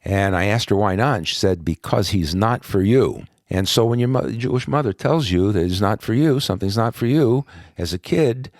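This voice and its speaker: Man, New York, very deep voice, dry close sound, podcast guest, personal testimony, conversational with fillers. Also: animated, brisk, few pauses, dry recording. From New York, USA. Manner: conversational, with frequent "uh" fillers and soft laughs.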